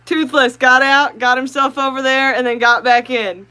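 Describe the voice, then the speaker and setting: A woman hosting a live stream, chatting excitedly with viewers and talking to her fish. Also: sits high, normal speed, clear, resonant tone, poor audio.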